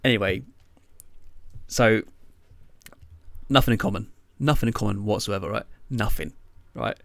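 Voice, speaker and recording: A man's voice: fairly low pitch, moderate pace, creaky, fairly bright tone, no echo. A young man chatting casually as a podcast co-host, telling a rambling story full of fillers and swearing.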